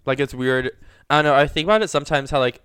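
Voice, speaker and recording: A young man chatting casually on a podcast, rambling from one thought to the next with plenty of fillers. His voice is smooth and clear, at a middling pitch, and the room sounds dry and close. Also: very fast, no echo. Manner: animated, rambling with many fillers. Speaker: podcast co-host. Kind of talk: casual chat.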